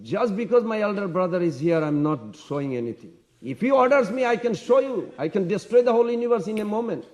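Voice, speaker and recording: A man playing a shouting, defiant young prince. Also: a little high, big pitch swings, brisk, hardly any pauses. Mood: boasting. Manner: shouting, challenging.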